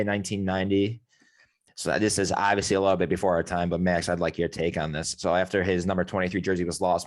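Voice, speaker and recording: A man hosting a casual sports podcast, rambling loosely, swearing and correcting himself as he goes. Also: deep voice. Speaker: podcast host.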